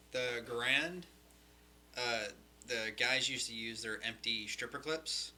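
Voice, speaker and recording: Man, very bright sharp tone, animated storyteller, profane, casual podcast chat. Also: mid-range voice, slight background noise. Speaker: podcast co-host.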